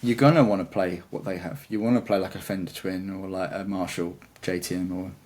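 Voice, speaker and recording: Rambling, enthusiastic low-voiced man. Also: steady tone, fairly quick, a little mellow. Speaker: guitarist guest. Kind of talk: casual interview chat.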